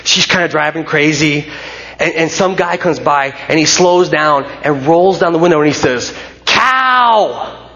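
A man preaches to his church in a loose, chatty way, circling back on his own sentences and tossing in asides. His voice sits a bit high for a man. The recording is muffled and lo-fi, picked up from a stage microphone. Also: fairly even intonation, moderate pace, a bit bright. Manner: conversational, rambling with restarts and fillers. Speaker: pastor. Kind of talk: sermon. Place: church sanctuary.

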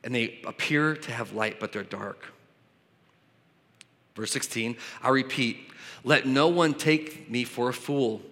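A man's voice: mid-range voice, slow pace, long pauses, fairly bright tone, long reverb tail. A man preaching a sermon, reading scripture aloud and explaining it in a conversational way. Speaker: pastor.

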